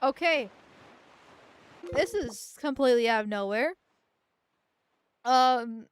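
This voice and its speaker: A woman's voice: high-pitched, expressive, slow, smooth, no room sound. A young woman streaming a game, chatting crudely and jokingly, often laughing and stumbling over her words. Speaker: vtuber streamer. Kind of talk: casual gameplay commentary.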